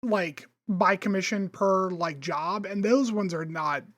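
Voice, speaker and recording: A man co-hosting a podcast, chatting casually and ranting in a profane, animated way. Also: sits high, a little slow, dry recording. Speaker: podcast co-host. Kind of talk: casual chat.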